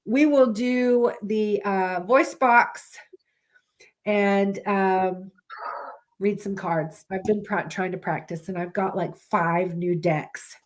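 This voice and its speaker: A woman's voice: mid-range voice, fairly even intonation, slow. A woman hosting a live-stream podcast, talking in a candid, rambling way and swearing freely, with a stuffy cold. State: congested with a constant cold. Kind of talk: casual live-stream chat.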